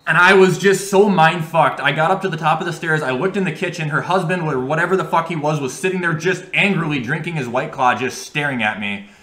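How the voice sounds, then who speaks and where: Bright-voiced young man telling a wild story. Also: a little high, brisk, few pauses. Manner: animated, profane storytelling. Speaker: gaming vlogger. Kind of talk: storytime while playing a game. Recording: echoey room.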